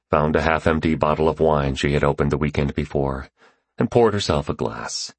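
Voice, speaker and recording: A man reading a novel aloud as narrator, in measured, even storytelling. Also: a bass voice, dry recording. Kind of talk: scripted audiobook narration.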